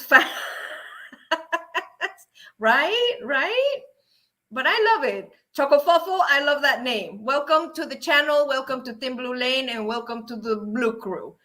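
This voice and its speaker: A woman hosting a casual livestream, excitable and laughing often as she chats with viewers. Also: high voice. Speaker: livestream host. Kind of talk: casual livestream chat reading viewer comments.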